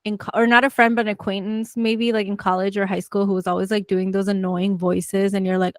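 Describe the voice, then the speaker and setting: A young woman co-hosting a book club chat, telling her take with lively laughter and rambling asides. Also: medium pitch, moderate pace, no echo. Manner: expressive, laughing, rambling storyteller. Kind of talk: casual chat.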